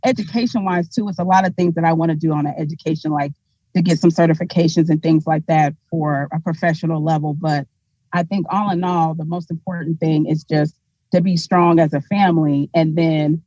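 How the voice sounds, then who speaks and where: A woman's voice: low voice, steady tone, brisk, mellow, no room sound. A woman in her thirties on a family video call, chatting in an upbeat, faith-minded way. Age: 30s. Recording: dull lo-fi video call audio.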